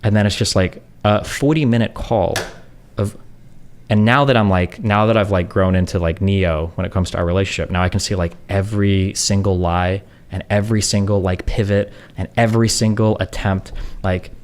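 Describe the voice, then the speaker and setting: A man's voice: sits low, fairly even intonation, moderate pace. A man in his thirties in a casual venting monologue, sarcastic and exasperated, slipping into mocking voices of others. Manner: sarcastic, exasperated, mimics others mid-story. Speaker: streamer.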